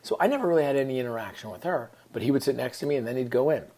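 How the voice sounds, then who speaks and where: A man's voice: mid-range voice, lively intonation, rapid-fire, warm tone. A man, telling a personal story in an earnest, reflective way and often dropping into whispered asides. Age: 30s. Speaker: vlogger.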